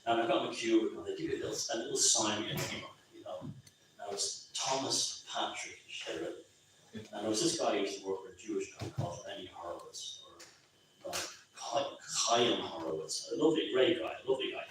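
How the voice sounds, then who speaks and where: A man's voice: on the low side, quick pace, slight background noise. Irish man rambling in an echoey room. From Ireland. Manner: rambling, conversational, many restarts. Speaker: author speaking at his book launch. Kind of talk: informal public talk. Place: pub function room. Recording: very echoey, distant, lo-fi room recording.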